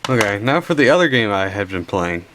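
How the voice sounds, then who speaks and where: A sleepy young man hosts a collection video, casually showing off his games in rambling show-and-tell narration full of restarts and stifled yawns while he films. His voice is fairly low and sing-song, a little fast, with background noise present.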